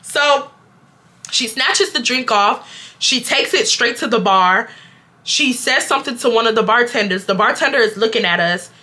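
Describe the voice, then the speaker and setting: A young woman vlogger telling a storytime straight to her viewers, animated and full of slang. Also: a little high, moderate pace. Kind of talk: storytime chat to camera.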